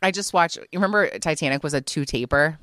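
A woman's voice: deep voice, fast talker, a bit bright, no echo. A woman co-hosting a podcast, animatedly recapping a TV episode in casual chat, emotional and full of fillers. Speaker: podcast co-host.

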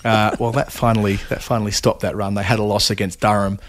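A man's voice: fairly low pitch, level tone, fast. A man co-hosting a podcast, chatting casually about cricket results with lots of asides. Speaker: podcast co-host.

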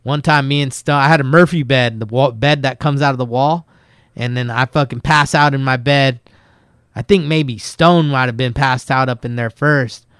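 A man's voice: mid-range voice, normal speed, fairly bright tone, smooth, no echo, studio quality. Laid-back man telling crude stories. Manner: laid-back, profane, laughs through his stories. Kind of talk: casual storytelling chat.

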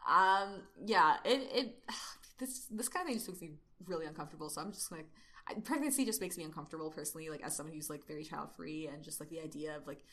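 A young woman talks loosely and reads narration aloud, peppering her speech with fillers. Her voice is bright with a slightly tense edge. She keeps it casual, like chatting with a friend. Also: low-pitched, fast talker. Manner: chatty, many fillers, laughs easily. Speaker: podcast co-host. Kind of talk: casual chat and reading aloud.

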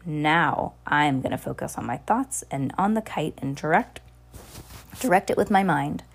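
A woman's voice: sits low, expressive, unhurried, creaky, husky, full character voice. A woman voicing a cheerful, confident young girl witch who talks in a breezy, encouraging way.

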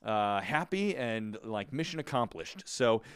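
Smooth-voiced enthusiastic male podcast co-host. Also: on the low side, very animated, a little slow, dry recording, clean studio sound. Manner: enthusiastic, reads reviews in a put-on accent. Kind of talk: casual podcast chat.

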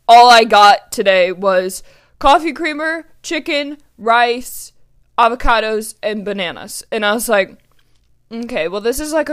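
A woman's voice: medium pitch, a bit bright. A young woman hosting her own podcast, talking casually, earnest and emotional, with lots of fillers and restarts. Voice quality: chatty, many fillers and restarts. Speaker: podcast host. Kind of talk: casual solo podcast chat.

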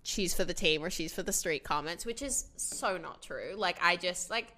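A young woman with an Australian accent chats casually, her voice bright and clear. She tells stories in an animated way, filling them with "like" and quick asides. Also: on the low side, slight background noise. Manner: animated storyteller, lots of "like", laughs often. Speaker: podcast guest. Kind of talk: casual chat.

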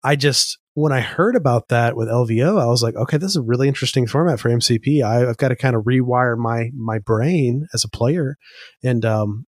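Podcast guy, normal pitch, talks with lots of fillers, dry sound. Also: a little fast, dry recording. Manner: chatty, filler-heavy, asks follow-up questions. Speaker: podcast co-host. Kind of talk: casual podcast chat.

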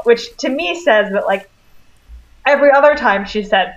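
A woman co-hosting a podcast, chatting casually about a film and quoting its characters in quick asides. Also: mid-range voice, lively intonation, fairly bright tone, dull audio. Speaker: podcast co-host.

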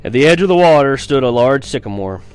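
A man's voice: mid-range voice, animated, quick pace, a little mellow, smooth, soft background music. A man reading a first-person novel aloud in an earnest storytelling manner, with small stumbles and restarts. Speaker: reader of a novel.

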